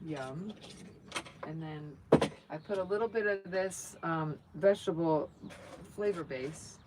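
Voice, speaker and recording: A woman's voice: deep voice, takes it slowly, darkish tone, slight background noise, rough recording. A woman hosting a casual livestream, chatting in a rambling, self-joking way as she moves around her truck outdoors, filmed on a phone. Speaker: channel host. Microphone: phone camera.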